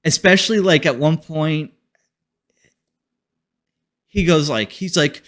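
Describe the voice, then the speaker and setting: A man's voice: a little high, slow pace, long pauses, a bit bright. A man hosting a casual podcast, reviewing a movie in a rambling, profane way and laughing often. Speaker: host.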